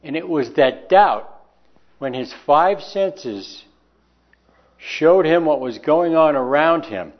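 A man preaching a sermon in a folksy, conversational way, slowing down to stress key words. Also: on the high side, animated. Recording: dull lo-fi recording.

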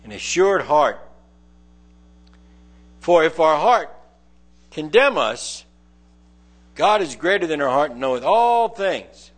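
A man's voice: a little high, big pitch swings, takes it slowly, pauses often. Man teaching a conversational Bible sermon. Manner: conversational, explains verse by verse, reads scripture aloud. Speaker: preacher.

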